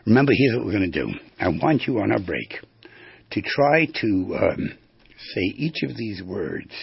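A man hosting a radio talk show, teaching in an animated, rambling way and demonstrating tones of voice. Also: on the low side, vocal fry, husky, no room sound, lo-fi sound.

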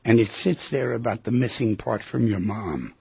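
A middle-aged man hosts a radio call-in show as a therapist, counseling callers in a direct, coaxing, plain-spoken way. His voice is on the low side, creaky with a breathy edge, at normal speed, and the broadcast audio is dry and muffled with no echo.

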